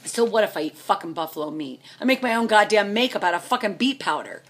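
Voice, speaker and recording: A middle-aged American woman venting furiously to camera, swearing constantly and swinging between loud outbursts and low, seething mutters. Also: lively intonation, fast talker, husky. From United States. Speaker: vlogger, trucker's wife. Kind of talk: angry venting rant to camera.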